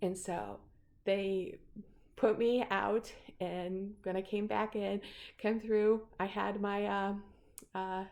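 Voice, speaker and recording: A woman's voice: mid-range voice, steady tone, slow, creaky, a little mellow, muffled recording. Middle-aged woman telling a story. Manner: rambling, many fillers and restarts. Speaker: speaker sharing a personal story. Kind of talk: casual storytelling.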